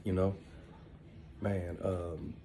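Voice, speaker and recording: A middle-aged man with an African American Vernacular English accent tells stories in a loose, rambling way, dropping "man" and "you know" all through. His voice sits low and mellow. A faint hum of background noise runs under it. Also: flat delivery, extremely slow. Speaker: podcast host. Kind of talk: casual storytelling monologue.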